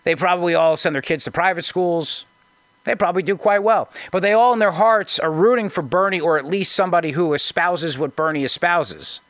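A man's voice: sits high, fairly quick, fairly bright tone, no room sound. A man hosting a call-in talk radio show, giving sarcastic, mocking political commentary and often restarting his sentences.

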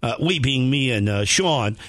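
A man's voice: mid-range voice, measured pace, background noise. A male morning radio host who chats with his co-hosts and playfully teases them as he reads out a list. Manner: animated, playfully teasing.

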